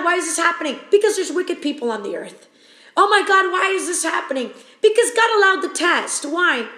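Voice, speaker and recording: A woman's voice: sits high, fairly bright tone, reverberant. A woman preaching a sermon on a podcast, stressing each point through repetition and acting out panicked questions. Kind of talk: sermon teaching.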